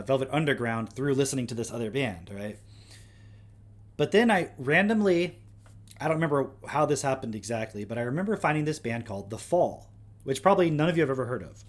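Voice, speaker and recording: A young man hosting a livestream, talking in a casual, rambling way with lots of fillers and self-corrections. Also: mid-range voice. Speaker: livestream host.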